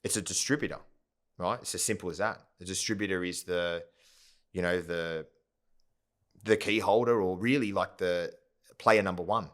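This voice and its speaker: Deep-voiced man telling stories. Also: moderate pace, long pauses, a bit bright. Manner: rambling, full of "yeah?" and "right?" tags. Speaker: podcast guest, company founder. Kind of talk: casual storytelling interview.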